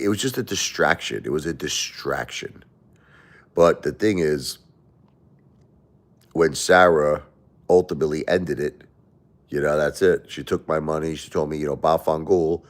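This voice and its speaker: A middle-aged man with an extremely low, deep voice talks straight to his livestream viewers. He rambles and circles back, repeating phrases as he pours out a confessional monologue. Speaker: livestream host.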